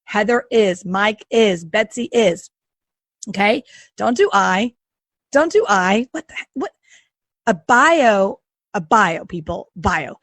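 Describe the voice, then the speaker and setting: A woman's voice: medium pitch, lively intonation, slow, pauses often, no room sound. A middle-aged woman podcast host coaching listeners in a sassy, emphatic monologue, repeating phrases for punch.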